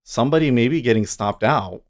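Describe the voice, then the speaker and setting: A man's voice: mid-range voice, lively intonation, brisk. A man hosting a casual livestream. He is chatty, laughs often and trails off mid-thought. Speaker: streamer and day trader.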